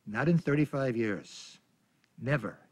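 A man's voice: mid-range voice, measured pace, husky. An older man, a longtime producer, recalling in an interview, telling plainly and reflectively. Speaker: longtime producer and show partner. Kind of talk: interview recollection.

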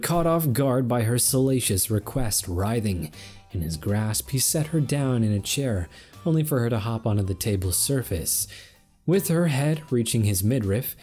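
A man narrating a fan fiction story in a steady reading voice. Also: medium pitch, moderate pace, husky, soft background music. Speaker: story reader.

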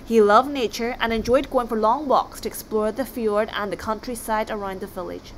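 A woman reading a children's book aloud, expressive as she narrates. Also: fairly high pitch, normal speed, a little hiss or hum, rough recording. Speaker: storybook reader.

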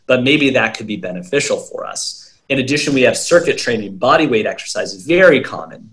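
A man's voice: mid-range voice, fairly bright tone. Earnest male coach explaining exercise ideas. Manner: earnest, lecturing, lists examples with frequent "right?". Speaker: brain health coach, interview guest. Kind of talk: explanatory interview talk.

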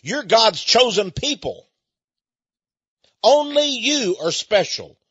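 A man's voice: extremely high pitch, big pitch swings, slow pace, a bit bright, husky, dry recording. A man from Texas, a radio host, speaking in a folksy conversational monologue and chuckling often. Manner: folksy storytelling with frequent chuckles. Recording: dull lo-fi recording.

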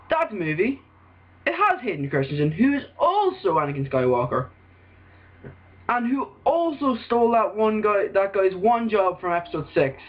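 An Irish man rambling through let's play commentary, excitable and swearing, with sudden outbursts. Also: high voice. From Ireland. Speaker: gaming video host. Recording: dull lo-fi recording.

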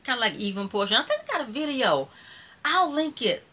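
A chatty woman with a Mississippi Southern accent, talking casually to her live-stream viewers in a bright, forceful voice. She rambles in a warm, folksy way, calling her audience "child" and "y'all". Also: on the high side, very animated, a little fast. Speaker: YouTuber hosting a live stream.

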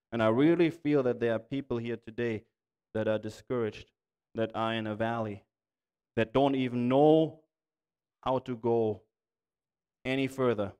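A man's voice: mid-range voice, a little mellow, clear, resonant tone. Pastor, man, German accent, earnest pleading sermon delivery, church reverb. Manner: earnest, pleading, rising in intensity. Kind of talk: sermon and prayer. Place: church sanctuary.

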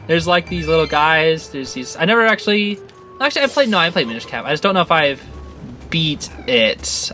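A gaming channel host giving excitable, rambling let's-play commentary with frequent laughs. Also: mid-range voice.

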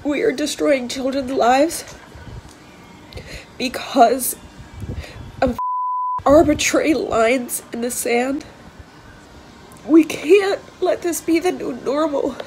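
A woman's voice: high-pitched, slow, long pauses, a little mellow, a little hiss or hum, low-quality recording. Tearful woman pleading in a posted clip. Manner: pleading, voice breaking. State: crying. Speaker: celebrity posting a video statement. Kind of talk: emotional online video statement.

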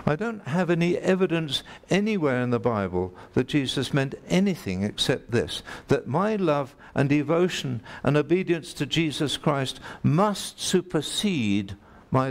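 Gravelly-voiced man preaching a sermon. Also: medium pitch. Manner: emphatic, repeats key phrases, direct questions to the congregation.

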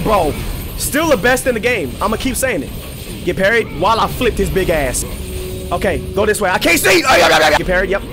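A young man commentating his own gameplay, excitable and profane, trash-talking enemies and shouting at the screen. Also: sits high. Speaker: gaming channel host. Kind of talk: let's play commentary. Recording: game music clearly behind the voice.

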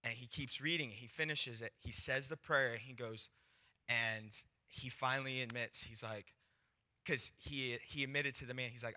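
A man's voice: medium pitch, moderate pace. A young man giving a sermon, telling stories and acting out the people in them. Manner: animated, acts out quoted voices, laughs between points. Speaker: speaker sharing a testimony. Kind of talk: sermon storytelling.

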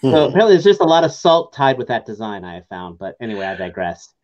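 A man's voice: medium pitch, big pitch swings, quick pace, darkish tone, muffled recording. A man co-hosting a casual podcast, dropping wry joking asides. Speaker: podcast co-host. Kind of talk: casual chat.

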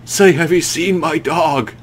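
A man voicing a dazed, grieving stranger who keeps asking after his dog, slow and pleading. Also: a little hiss or hum, natural voice. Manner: slow, high, pleading repetition.

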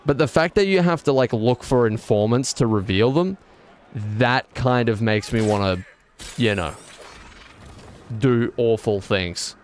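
A man's voice: medium pitch, measured pace, a little hiss or hum. A man streaming a video game, rambling and correcting himself, with exasperated outbursts. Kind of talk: casual gameplay commentary.

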